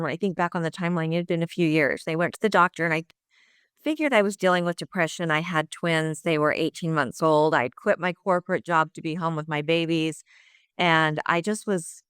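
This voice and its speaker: A middle-aged woman speaks in a low, smooth, resonant voice, recorded dry and close. She tells her story candidly and earnestly, voicing her past thoughts as she goes. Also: no room sound. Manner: earnest, lively retelling with quoted inner thoughts. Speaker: guest sharing her recovery story.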